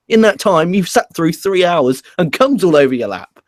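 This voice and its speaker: A man's voice: sits high, brisk, no room sound, clean studio sound. A man with an English accent hosting a casual wrestling review, ranting and swearing as he talks. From England. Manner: profane, animated ranting. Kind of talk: casual podcast chat.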